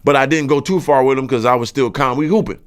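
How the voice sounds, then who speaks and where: A man's voice: medium pitch, quick pace, clear, resonant tone. A man hosting a podcast, telling a story in casual slangy speech and acting out the quoted lines in a raised voice. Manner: animated, acts out quotes in raised voice; slangy, profane. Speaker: podcast host.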